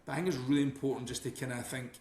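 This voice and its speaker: A man's voice: medium pitch, steady tone, racing, darkish tone. A Scottish man talking casually as a podcast guest, rambling and often restarting his sentences. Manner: rambling, many restarts and "you know". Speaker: guest author and teacher. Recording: roomy echo.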